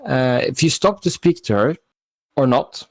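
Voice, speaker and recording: A man's voice: mid-range voice, lively intonation, a little slow, creaky. A man chatting at a tabletop game, rambling with laughing asides. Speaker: player.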